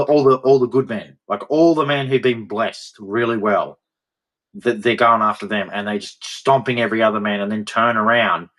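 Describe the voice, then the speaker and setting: A man's voice: mid-range voice, a bit bright. A man delivering a heated, preachy rant straight to his audience, repeating words for emphasis. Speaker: vlogger. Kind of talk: ranting monologue to camera.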